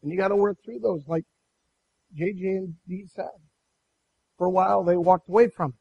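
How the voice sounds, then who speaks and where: A man preaching a sermon and telling a personal story in an animated way, with many restarts. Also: high voice, normal speed, creaky, breathy edge, muffled recording. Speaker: pastor.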